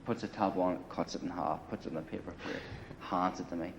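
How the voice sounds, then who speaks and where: With vocal fry and a low, steady voice, a man speaks quickly against a noisy background, spinning a long, rambling, profane war story. Sitting in a grungy apartment for an interview, he keeps saying "you know" and "right," all on dull lo-fi 1980 film audio.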